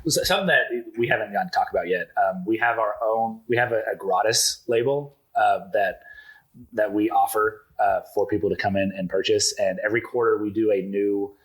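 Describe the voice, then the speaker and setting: A man's voice: on the low side, fairly quick, husky, poor audio. A male guest from a winery, answering casually and agreeing often. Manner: brief agreeing backchannel.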